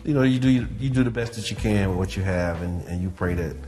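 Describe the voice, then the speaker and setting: A man's voice: low voice, a little fast, mellow, soft background music. A man hosting a community podcast, talking in an easygoing, reflective way with many fillers. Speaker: podcast host. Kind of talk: casual interview talk.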